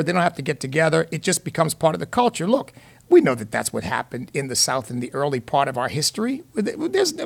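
A man's voice: on the high side, vocal fry. A middle-aged man hosting a call-in radio talk show, speaking in an emphatic, preacherly, folksy way. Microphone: studio microphone.

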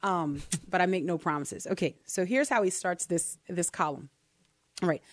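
A woman's voice: fairly low pitch, moderate pace, no echo, studio quality. A woman hosting a faith podcast, chatting casually and animatedly, often giggling while she reads aloud. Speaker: podcast host. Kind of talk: casual chat about faith.

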